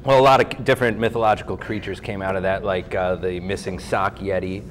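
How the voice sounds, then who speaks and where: A man with a fairly low voice speaks in halting bits, pausing with fillers as he prompts the others on the panel. He sounds like one member of a group recalling old episodes together. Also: fairly even intonation, a little hiss or hum. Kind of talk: casual panel chat.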